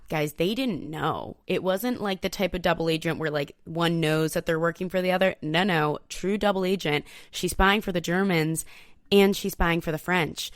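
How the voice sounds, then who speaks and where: A woman hosting a podcast, telling a history story in a casual, profane, animated way and talking straight to her listeners. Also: lowish voice, dry recording, studio quality. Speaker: podcast host.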